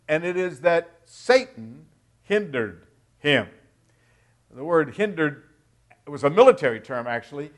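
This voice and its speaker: A middle-aged man preaching a verse-by-verse sermon, with emphatic swings between loud stresses and quiet drops. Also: a little high. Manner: emphatic, dramatic rises and drops in loudness. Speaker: pastor. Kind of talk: expository sermon.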